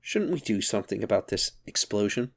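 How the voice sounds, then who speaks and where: A man's voice: fairly low pitch, very animated, a little fast, gravelly, fairly bright tone, heavily acted. A man reading aloud, voicing an over-cultured matron who sniffs with disapproval at everything. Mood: disapproving.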